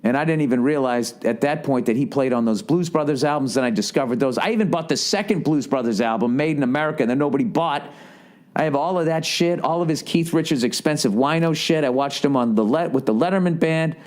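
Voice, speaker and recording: This fast-talking podcast host and comedian, in his forties and from the Boston accent zone, has a fairly high, darkish voice. He tells a long, wandering story in a loose, foul-mouthed way, voicing the quotes as characters.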